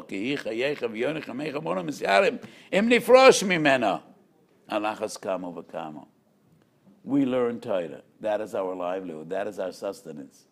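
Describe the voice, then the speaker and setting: Man, rabbi, Torah lecture, low voice, gravelly, emphatic storytelling.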